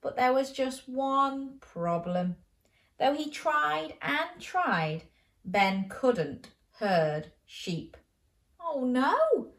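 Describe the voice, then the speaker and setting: A woman's voice: sits high, big pitch swings, extremely slow, a bit bright, echoey room. A woman hosting a children's show, reading a bedtime story aloud playfully and asking the listener questions.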